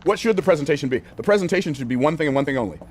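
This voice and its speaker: An older man teaching business sales from a whiteboard, energetic and conversational, repeating phrases for emphasis and using casual words like y'all and ain't. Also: a little high, very fast, a little hiss or hum. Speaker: business coach.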